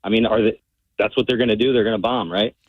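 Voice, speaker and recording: A man's voice: on the low side, fairly even intonation, fast talker, dry recording. A man calling in to a radio show, sounding hesitant and worried. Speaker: caller. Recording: tinny phone line.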